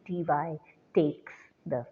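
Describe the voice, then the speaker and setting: A woman teacher giving a recorded lecture, explaining slowly and deliberately to students. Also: low-pitched. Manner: slow, deliberate classroom explanation. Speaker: English teacher. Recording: tinny phone-like sound.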